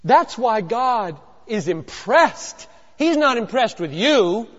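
A man preaching a sermon, emphatic, swinging from hushed to loud, with rhetorical questions and repetition. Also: very high voice, very animated, slow. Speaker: pastor. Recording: dull lo-fi recording in a long-reverb hall.

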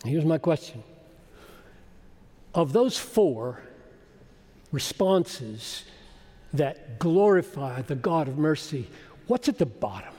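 A man preaching a sermon, moving between quiet explanation and loud, soaring emphasis. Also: a little high, sing-song, takes it slowly, long pauses. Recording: long hall reverb.

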